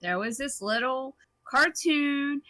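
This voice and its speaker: Bright-voiced woman co-hosting a podcast. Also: high voice, slow. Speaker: podcast co-host. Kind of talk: casual chat.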